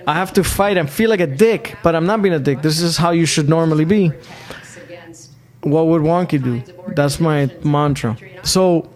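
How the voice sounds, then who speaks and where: A man with a somewhat high voice holds forth in a loose podcast conversation. He tells brash, crude stories full of swearing and leans hard on his punchlines by stretching them out. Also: moderate pace, a little mellow. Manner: crude, boastful storytelling with heavy swearing. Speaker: podcast co-host. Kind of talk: casual podcast chat.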